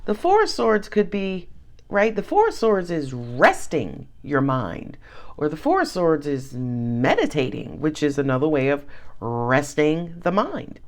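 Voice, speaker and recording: A woman's voice: sits low, big pitch swings, a little slow. A woman giving a casual tarot reading, chatty and sassy, with frequent laughs. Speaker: tarot reader.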